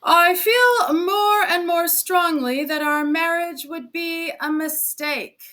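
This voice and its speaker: A man's voice: extremely high pitch, slow, sharp tone, pitched above the performer's own voice, heavily acted. A woman voicing a man who breaks off his engagement in a letter, read in a strained, tearful way. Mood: anguished.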